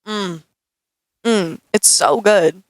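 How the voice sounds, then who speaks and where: A woman's voice: medium pitch, drawn-out words, no echo, low-quality recording. A young woman answering viewer questions in a casual, chatty vlog, saying "like" a lot. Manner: chatty, says "like" often, animated. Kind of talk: casual Q&A chat. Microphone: camera mic.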